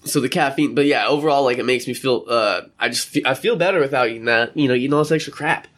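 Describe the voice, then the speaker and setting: A young man talking casually to his viewers from an indoor room, rambling from one thought to the next. His voice sits at a middling pitch, and he jumps into playful voices for the people he quotes. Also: fast, a bit bright. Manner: rambling, chatty, acts out quotes. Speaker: vlogger. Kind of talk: casual chat.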